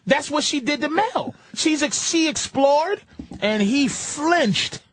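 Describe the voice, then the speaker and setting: A man on an uncensored radio show, animated and profane as he preaches his opinions. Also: very high voice, slow pace. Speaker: radio show comedian guest.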